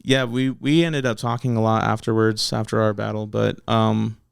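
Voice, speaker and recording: A man's voice: fairly low pitch, level tone, normal speed, gravelly, smooth, dry recording, clean studio sound. A man talking bluntly and swearing a lot as he tells a story in a casual interview. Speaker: battle rapper guest.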